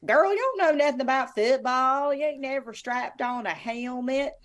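A woman's voice: high voice, moderate pace, voice pushed up, natural voice. A woman mimicking a brash Southern football-fan caller. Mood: mocking. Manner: taunting, ungrammatical drawl.

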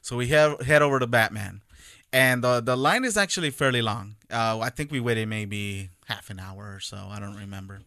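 Casual storyteller, man in his 30s, bright crisp voice, animated, dry close sound. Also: mid-range voice, normal speed, no echo. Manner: animated storyteller, acts out quotes. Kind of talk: casual chat.

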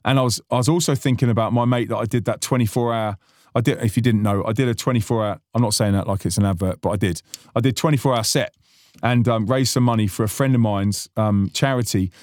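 A man who is both a podcast host and musician chats casually yet earnestly, rambling and restarting often in a reflective mood. His lowish voice moves at a quick pace with a darkish tone, recorded cleanly in a studio without echo.

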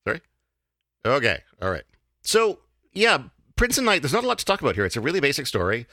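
A man hosting a casual podcast, talking in a halting way with many fillers and restarts. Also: mid-range voice, huge pitch swings, pushed and bright, dry recording, studio quality. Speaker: podcast host.

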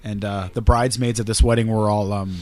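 A man's voice: fairly low pitch, brisk. A man hosting a podcast, telling rambling, profane stories in casual chat. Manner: profane, rambling, animated storyteller. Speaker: podcast host.

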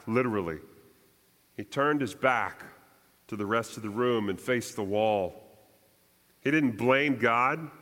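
A pastor preaches a sermon in a measured, deliberate way, his mid-range voice rising for emphasis and softening at the ends of lines. A long reverb tail follows his words.

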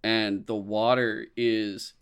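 A man's voice: lowish voice, level tone, takes it slowly, fairly bright tone, clear, resonant tone. A young man in casual conversation about movies, laid-back, swearing freely and laughing often. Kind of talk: casual movie review chat.

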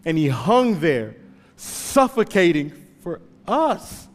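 A man preaching a sermon with passion, swinging from hushed, slow storytelling to loud pleading. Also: fairly high pitch, very animated, in a large hall. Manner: impassioned, swings from hushed to shouting. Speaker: pastor.

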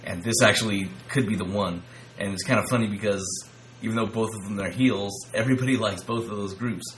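A man co-hosting a casual podcast, talking in a measured, low-key way with some stammering. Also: steady tone, a bit bright, slight background noise, rough recording. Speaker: podcast co-host. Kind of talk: casual wrestling podcast chat.

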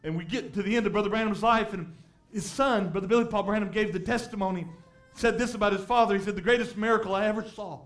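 A man preaching a sermon, telling a story and rising to shouts of emphasis. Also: sits high, fast talker. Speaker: pastor.

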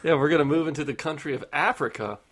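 A man co-hosting a casual comedy podcast, dropping wry, deadpan quips. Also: on the high side, fast. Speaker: podcast co-host.

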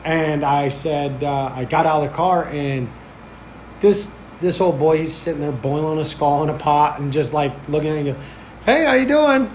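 A man hosting a podcast, telling a story in a casual, rambling way full of fillers and swearing, getting animated when he recounts what people said. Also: fairly high pitch, normal speed, slight background noise. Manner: rambling, filler-heavy, profane. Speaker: podcast host.

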